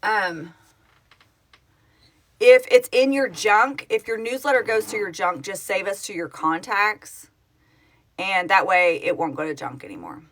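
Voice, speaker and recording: A middle-aged woman from Oklahoma talks into her phone on a home live stream, answering viewer comments as they come. Her voice is bright and clear, and she rambles and corrects herself in an easy, chatty way. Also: mid-range voice, unhurried, pauses often. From Oklahoma, United States. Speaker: livestream host, project founder. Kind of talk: casual live-stream chat reading comments.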